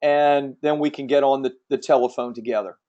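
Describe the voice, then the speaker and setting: A man hosting a live webinar, giving an emphatic, persuasive sales pitch and answering audience questions from the chat. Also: steady tone, fairly quick, mellow, highs cut off. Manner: emphatic, persuasive salesman, repeats key points. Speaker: webinar host selling publishing services.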